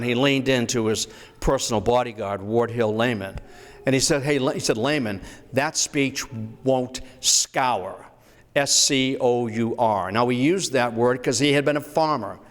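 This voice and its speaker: Man lecturing in an echoing hall. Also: mid-range voice. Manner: storytelling, slows down to recite quotations. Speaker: history lecturer. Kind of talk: public history lecture. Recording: echoey hall.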